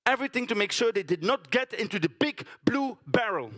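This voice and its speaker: A man's voice: sits high, very animated, fairly quick, hardly any pauses, fairly bright tone. A man performing a theatrical storytelling monologue on a conference stage, chatting to the audience with tag questions.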